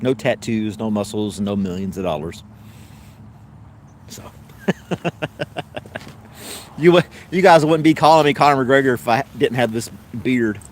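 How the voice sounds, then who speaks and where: A middle-aged man with a relaxed Southern American accent, chatting casually to viewers on a live stream. He rambles through stories, correcting himself as he goes, at a mid-range pitch. There is a faint hum of noise behind him. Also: a little slow, long pauses. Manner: rambling storyteller with many fillers and self-corrections; laughs easily while telling stories.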